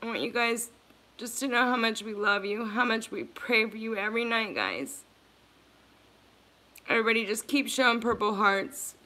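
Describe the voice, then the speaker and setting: A woman's voice: a little high, normal speed, bright, forceful tone. A woman hosting a livestream, speaking earnestly and emotionally to her viewers, repeating herself as she offers support. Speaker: livestream host.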